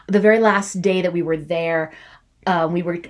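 A young adult woman chatting casually as a guest, telling a lively story and acting out the quotes. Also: moderate pace. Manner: animated storyteller, acts out quotes with big pitch jumps. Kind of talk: casual chat.

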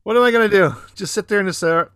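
A man's voice: high-pitched, very fast, fairly bright tone, clean tone, dry recording, studio quality. A man co-hosting a podcast, telling casual stories in a laid-back, profane way. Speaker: podcast co-host. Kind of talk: casual chat. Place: Fukuoka, Japan.

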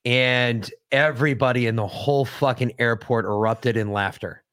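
A man telling a story on a podcast, swearing freely and getting animated as he goes. His voice sits at an ordinary middle pitch. The sound is close and dry, with no room echo. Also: moderate pace. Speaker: podcast host. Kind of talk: casual storytelling chat.

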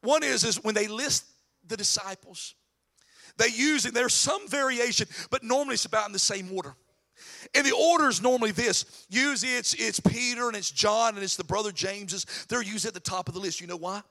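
Male pastor, sermon, high voice, gravelly edge, folksy storytelling. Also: fairly quick. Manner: folksy storytelling with joking asides; animated preaching, voice rising in emphasis.

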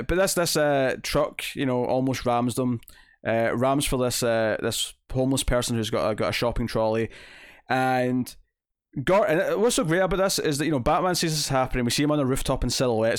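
A man's voice: medium pitch, fairly quick. A man chatting casually about comic books, his voice sitting in a middle range. He rambles through fillers and restarts and slips into acted-out quotes as he goes. The sound is dry and close, with no room echo. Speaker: podcast co-host. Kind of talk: casual comic book discussion.

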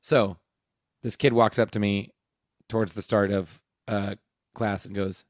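Laid-back teacher telling a rambling story. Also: male voice, on the low side, fairly even intonation, a little slow, pauses often, no echo, studio quality. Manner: rambling, laughing mid-story, acting out dialogue. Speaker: teacher and podcast host. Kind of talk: casual storytelling chat.

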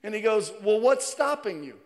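Man preaching in a long-reverb church hall, high voice, swings from hushed to loud. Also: very animated, moderate pace. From Virginia, USA. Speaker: pastor. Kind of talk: sermon. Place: church sanctuary.

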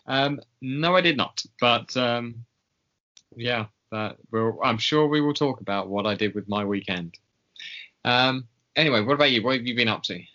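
A man co-hosting a podcast in casual chat, hesitant, filling pauses with ums. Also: medium pitch, sharp tone, muffled recording. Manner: hesitant, lots of ums, often laughing. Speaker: podcast co-host.

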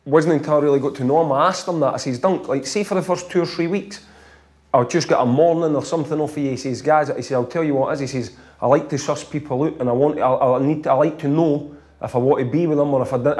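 A man with a Scottish accent, a former footballer telling animated stories in a casual chat, laughing often. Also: mid-range voice, quick pace.

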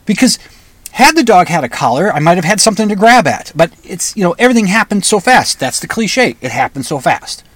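A man with a high-pitched, sing-song voice tells a personal story briskly, recorded with no echo. His conversational telling has restarts and flares into loud, angry outbursts.

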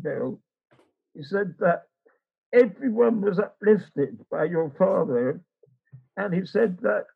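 A man's voice: sits high, creaky, slightly rough, dull audio. An older man telling a rambling personal story in casual chat, acting out the voices of the people in it. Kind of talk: casual anecdote.

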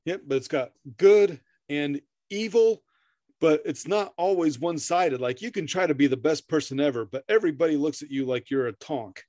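In a clean, dry studio recording, a middle-aged podcast co-host chats casually at a moderate pace, his fairly high voice carrying a dark tone. He rambles, swears freely, laughs a lot and stammers through restarts.

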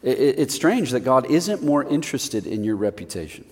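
A male pastor giving a sermon in an animated, conversational way with self-deprecating humor. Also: medium pitch, moderate pace, in a large hall, slight background noise.

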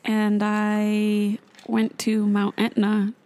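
A woman's voice: mid-range voice, extremely slow, a little hiss or hum. A young woman, co-host of a podcast, telling a casual story and acting out the other people in it. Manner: animated, acts out quotes in a put-on voice.

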